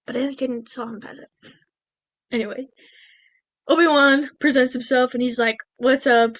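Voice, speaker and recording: A woman's voice: high-pitched, fairly even intonation, moderate pace, a bit bright, dry recording. A woman co-hosting a podcast, recapping a movie in a rambling, chatty way full of restarts. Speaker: podcast co-host. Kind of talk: casual movie recap chat.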